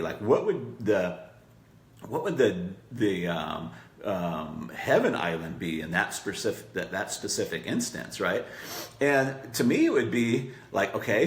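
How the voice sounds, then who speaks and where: A man with a low-pitched voice coaches someone on marketing copy, speaking conversationally, acting out client quotes and checking in with "right?" The sound is reverberant.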